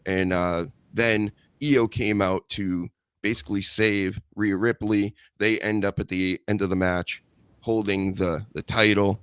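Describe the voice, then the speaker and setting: A man's voice: fairly low pitch, fairly even intonation, a little slow, a bit bright, clear, resonant tone, no room sound. A man hosting a wrestling podcast in casual chat, blunt and sarcastic, swearing freely. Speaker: podcast host.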